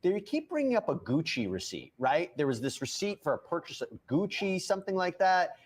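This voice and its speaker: Quick-talking guy hosting news commentary, lively up-and-down voice, cuts in a lot. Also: high voice. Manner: animated, quick, interrupting the guest. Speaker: news show host.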